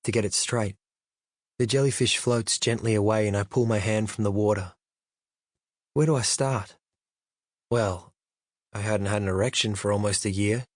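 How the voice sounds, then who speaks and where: A man reading a literary novel aloud in the first person, reflective and measured, at a close studio microphone. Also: fairly low pitch, fairly even intonation, no room sound. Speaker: audiobook narrator.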